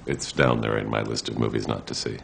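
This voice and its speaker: A man's voice: a bass voice, steady tone, fairly quick, creaky, a little hiss or hum. A man commentator with a dry, wry interview manner.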